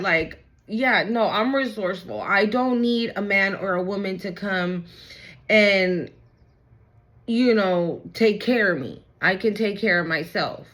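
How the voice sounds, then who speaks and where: A woman giving a casual tarot reading to her audience, talking in an animated, chatty way, swearing freely and often checking in with "okay?" and "right?". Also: mid-range voice, slow. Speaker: tarot reader.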